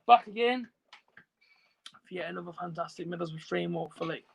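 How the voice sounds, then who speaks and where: A man's voice: high voice, brisk, gravelly, a little hiss or hum, rough recording. A man casually chatting on a football watch-along live stream, reading out viewer comments with lots of fillers. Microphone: phone.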